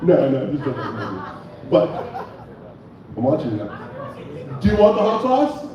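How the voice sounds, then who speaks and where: A man's voice: medium pitch, wildly swooping pitch, takes it slowly, very echoey, recorded from a distance, highs cut off. A young man hosting a bar comedy night and doing stand-up, loose and joking, chatting with the crowd. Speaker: comedy show host and stand-up comic.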